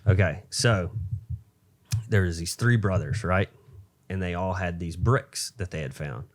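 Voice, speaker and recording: Deep-voiced man rambling through a joke. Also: measured pace. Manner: rambling, filler-heavy storytelling. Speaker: podcast co-host. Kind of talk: casual joke telling.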